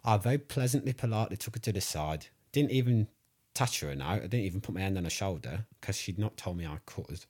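Husky, deep-voiced man. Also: animated, fast talker, darkish tone. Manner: boastful, rambling, hesitant. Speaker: comic interviewee. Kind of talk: improvised comedy chat.

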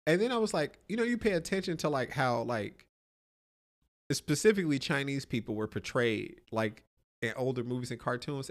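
A man co-hosting a podcast, chatting casually with crude, loose storytelling. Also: medium pitch. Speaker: podcast co-host.

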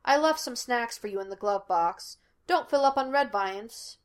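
A woman's voice: fairly high pitch, animated, moderate pace, natural voice. Woman doing a smug joking detective dude, easygoing teasing tone. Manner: breezy and teasing. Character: cocky quick-witted young male psychic detective.

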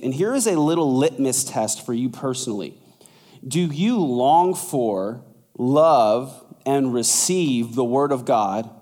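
A man preaching a sermon as pastor, conversational and lively, acting out quoted voices. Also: in a large hall. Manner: animated, acts out quoted voices with big pitch jumps.

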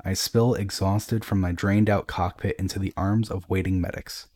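A man reading a dramatic first-person story in a grave, measured way. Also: low voice, fairly even intonation, darkish tone.

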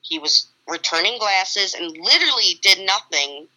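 A woman's voice: mid-range voice, lively intonation, moderate pace, pushed and bright, rough recording. A woman co-hosting a casual true-crime chat, blunt and emphatic.

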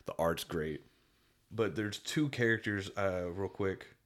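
Male podcast co-host, very low voice, rambling enthusiastic chat. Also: slow pace, a bit bright. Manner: rambling, enthusiastic, many restarts and fillers. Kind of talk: casual chat.

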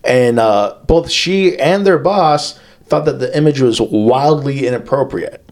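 Lively, crude-joking male podcast host. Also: medium pitch, measured pace. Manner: crude, joking storyteller who laughs often. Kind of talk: casual chat.

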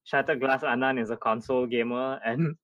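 A podcast co-host with a mid-range voice, wry and joking, who drops "like" everywhere. His talk is casual and quick with asides. The recording is dry, with no room sound. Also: medium pitch, fairly even intonation, a bit bright, no room sound, dull audio. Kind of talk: casual chat.

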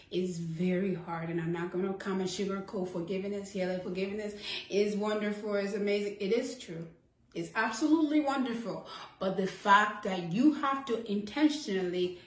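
A woman hosting an inspirational talk episode, heartfelt and chatty, laughing often as she encourages listeners. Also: medium pitch. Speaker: host. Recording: roomy echo.

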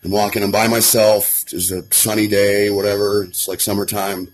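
A man's voice: on the low side, flat delivery, normal speed. A man from Colorado telling an earnest, emotional story of his addiction recovery, swearing often and restarting his sentences. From Colorado, USA.

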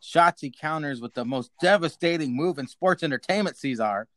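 A man's voice: on the high side, animated, normal speed, a bit bright, no room sound. A man hosting a casual podcast, recapping matches play by play, swearing and joking with his co-hosts. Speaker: podcast host.

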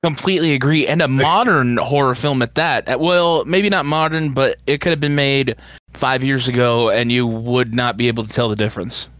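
Lively, chatty male podcast co-host. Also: mid-range voice, no echo, clean studio sound. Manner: lively, swears casually, jumps in with quick remarks. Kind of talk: casual chat.

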